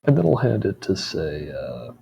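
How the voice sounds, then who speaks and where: A man's voice: low-pitched, huge pitch swings, moderate pace, gravelly, warm tone, slightly rough. A man casually chatting as a player in a tabletop game, offhand and trailing off. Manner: offhand, trailing off mid-sentence. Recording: muffled mic with faint background noise.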